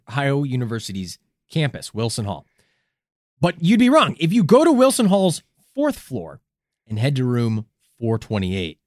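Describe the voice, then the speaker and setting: A man co-hosting a comedic paranormal podcast, jokey and theatrical, swinging his pitch around for effect. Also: dry recording, clean studio sound. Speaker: podcast co-host.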